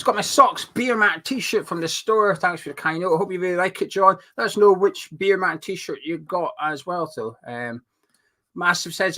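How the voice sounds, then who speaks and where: A man hosting a casual live stream from home, animated, swearing freely and reading out viewer comments. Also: sits high. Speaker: host. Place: home room.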